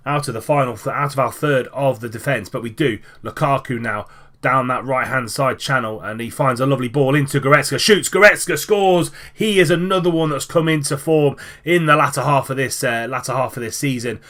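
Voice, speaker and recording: A man narrates match highlights from a football management game in an easygoing commentary style. His voice sits at an ordinary middle pitch, and he often stops for fillers and restarts before picking up with excitement. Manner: casual, lively with frequent fillers and restarts. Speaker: gaming commentator.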